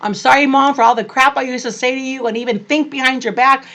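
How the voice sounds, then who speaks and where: An older woman vlogging about being a grandmother, telling family stories in a gushing, animated way. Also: sits high, fast talker. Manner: animated, gushing, acts out quoted family voices. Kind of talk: personal storytelling to camera.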